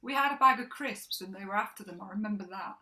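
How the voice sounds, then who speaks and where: A woman's voice: medium pitch, fast, bright, forceful tone, rough recording. A woman co-hosting a casual chat, laughing often and trailing off mid-sentence. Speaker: co-host.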